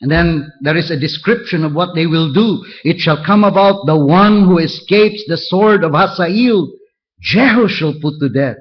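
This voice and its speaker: A man preaching a verse-by-verse sermon, reading scripture aloud and pointing out each step with deliberate care. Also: a little high, highs cut off. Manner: slow, deliberate, walks through verses point by point. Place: church.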